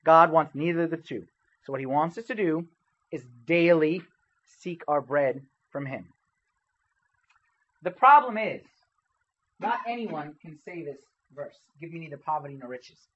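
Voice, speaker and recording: This youth preacher speaks unhurriedly at a fairly high pitch, pausing often as he gives a casual sermon to young people in a church hall. His style is conversational; he asks the audience questions and keeps saying "okay?". The sound is dull, with a little hiss or hum.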